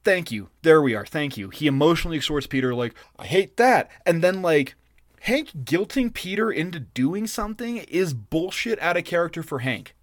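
A man's voice: fairly high pitch, lively intonation, moderate pace, no echo, clean studio sound. A man co-hosting a podcast, ranting and swearing in exasperated casual chat. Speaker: podcast co-host.

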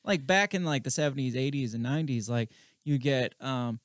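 A man co-hosting a podcast, talking politics in a casual, animated way. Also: mid-range voice, normal speed. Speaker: podcast co-host.

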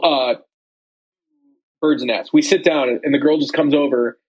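Young guy chatting on a podcast, kinda husky, voice sits a bit high. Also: sing-song, moderate pace, a little mellow, rough recording. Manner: rambling storyteller, lots of likes and ums. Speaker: podcast co-host. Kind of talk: casual chat.

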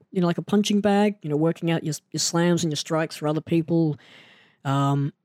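A man telling a story in a casual, animated and self-mocking way, often jumping into an excited higher voice. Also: clean tone, dry recording, clean studio sound. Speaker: storyteller recounting his wrestling start.

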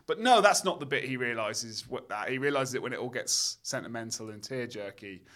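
A man's voice: medium pitch, animated, fairly quick, fairly bright tone. A man casually discussing a film, ranting with lots of fillers and restarts. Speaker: podcast co-host, film critic.

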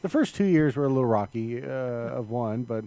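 A man's voice: medium pitch, lively intonation, normal speed, dark tone, dry recording. A man co-hosting a podcast, joking sarcastically in casual banter. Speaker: podcast co-host.

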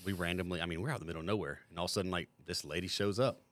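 A man co-hosting a podcast, telling animated, profane stories from his service days. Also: deep voice, racing. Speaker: podcast co-host, veteran. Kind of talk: casual storytelling.

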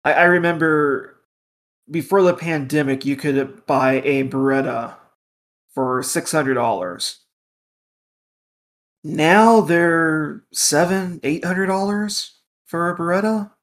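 Slow-talking man co-hosting a podcast. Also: a little high, fairly bright tone. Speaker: podcast co-host. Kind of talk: casual chat.

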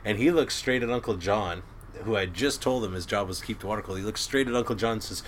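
A middle-aged man, a crab boat captain, telling stories in a casual, animated way and acting out quotes. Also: fairly low pitch, quick pace, a little hiss or hum. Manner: animated storyteller who acts out quotes and laughs. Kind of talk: casual storytelling chat.

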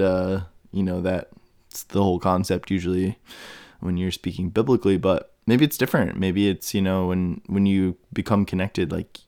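A man's voice: low-pitched, creaky, darkish tone, no echo, clean studio sound. A man hosting a solo podcast, thinking aloud in a meandering way with many fillers and restarts. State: has the hiccups. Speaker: podcast host. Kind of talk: rambling solo podcast monologue.

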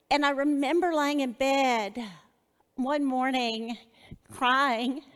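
Woman Bible teacher, high voice, earnest and personal, long reverb around her. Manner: earnest, personal, with a shared testimony.

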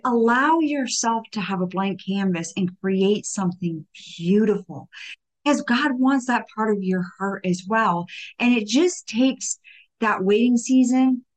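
A woman's voice: mid-range voice, lively intonation, unhurried. A young adult woman hosting a faith-based motivational talk, chatty and informal, full of "like" fillers and acted-out bits of dialogue. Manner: conversational, many "like" fillers, acts out little dialogues. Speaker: podcast host.

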